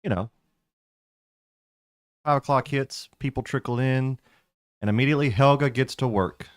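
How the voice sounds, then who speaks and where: A man narrating as game master of a tabletop game in a relaxed, drawling way. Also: mid-range voice, moderate pace, no room sound, studio quality.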